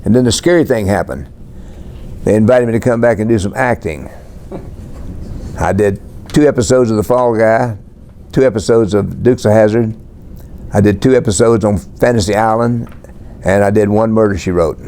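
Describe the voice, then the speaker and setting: Low mellow-voiced man in his eighties. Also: normal speed, pauses often, slight background noise. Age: 80s. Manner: laid-back, plainspoken, lists things matter-of-factly. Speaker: country singer being interviewed. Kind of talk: relaxed storytelling interview.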